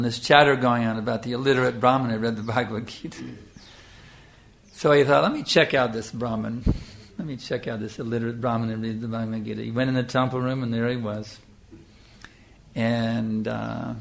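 An older man giving an earnest sermon, telling a devotional story with lively storytelling and frequent fillers. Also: mid-range voice. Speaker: spiritual teacher.

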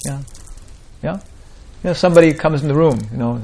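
A man's voice: fairly high pitch, normal speed, creaky, warm tone. A man teaching a small group in an informal spiritual talk, rambling and repeating "like that, you know" often.

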